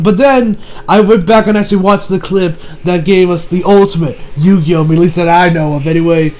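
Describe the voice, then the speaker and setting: A young man with a high voice reviews a cartoon episode in a loose, chatty way. He rambles, swears freely and often restarts his sentences. A faint hum of background noise sits under his talk. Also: fairly even intonation, moderate pace, hardly any pauses, darkish tone, poor audio. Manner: rambling, with profanity and many restarts. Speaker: anime reviewer.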